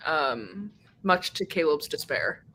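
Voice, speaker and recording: A woman's voice: lowish voice, expressive, slow pace, creaky, pushed and bright, slight background noise. A young woman hosting a casual chat with friends, telling stories in a rambling way with lots of fillers and laughter. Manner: giggly, rambling storyteller with many fillers. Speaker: streamer hosting a reading sprint.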